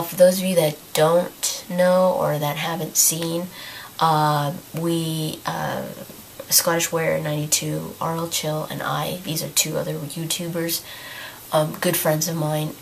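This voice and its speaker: A woman's voice: deep voice, creaky, slight background noise, rough recording. A woman who is losing her voice, casually rambling about a video game as the host of her own channel and restarting her sentences often. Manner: rambling, thinking aloud with many restarts. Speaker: YouTube gaming channel host. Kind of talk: casual talk to camera.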